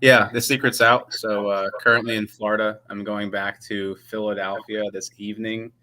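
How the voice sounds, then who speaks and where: A man who works as a pharmacist and company head, giving measured, explanatory answers in a casual interview. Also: fairly low pitch, flat delivery, noisy background.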